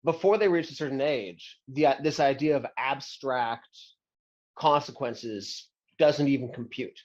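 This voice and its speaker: 40s guy hosting an interview, relaxed, thoughtful, lots of mm-hmms, kinda dull lo-fi sound. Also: mid-range voice, unhurried. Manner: relaxed, reflective, frequent affirming hums. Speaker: podcast host. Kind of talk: interview conversation. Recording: dull lo-fi audio.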